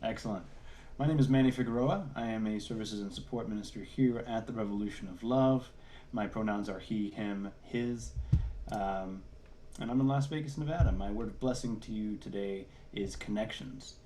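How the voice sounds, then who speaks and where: A man's voice: on the low side, normal speed, mellow, a little hiss or hum. A man, a services and support minister, reading church announcements in an upbeat, enthusiastic way over a video call.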